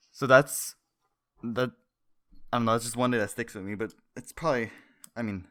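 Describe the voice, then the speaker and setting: A man's voice: mid-range voice, fairly even intonation, a little slow, a bit bright, no room sound. A young man co-hosting a podcast, telling a rambling, laugh-filled story in casual chat and swearing freely. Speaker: podcast co-host.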